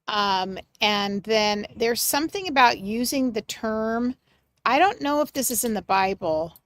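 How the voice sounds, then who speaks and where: Woman psychic doing a livestream reading, dry close sound, soft and affectionate, gets excited sometimes. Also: mid-range voice, no echo. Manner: gentle and affectionate, often soft, with excited bursts. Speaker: psychic medium.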